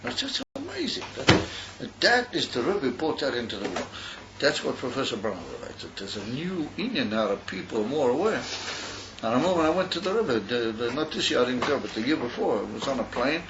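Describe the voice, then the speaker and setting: A man's voice: medium pitch, big pitch swings, a little fast, muffled recording. Rambling older man, noisy recording. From Australia. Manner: meandering, repeats and restarts, mixes in Yiddish words. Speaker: speaker at a yeshiva gathering. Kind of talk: rambling storytelling talk.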